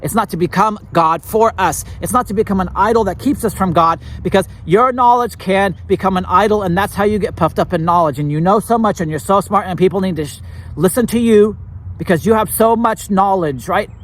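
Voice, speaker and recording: A man's voice: sits high, brisk, a little hiss or hum. A man hosting a church talk show, preaching casually to his viewers and repeating his slogans with emphasis. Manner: emphatic, repeats slogans, laughs at own lines.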